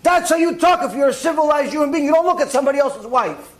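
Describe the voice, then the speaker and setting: A man, a rabbi, giving a lively sermon and acting out little scenes with mock dialogue. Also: very high voice, fast. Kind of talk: sermon lecture.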